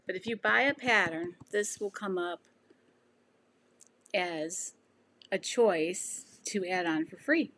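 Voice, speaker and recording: Her voice is medium in pitch and a bit bright, and she talks slowly, pausing often. She's a sewing channel host in her sixties whose voice is going, rambling through a casual livestream with frequent ums and restarts while reading comments from viewers.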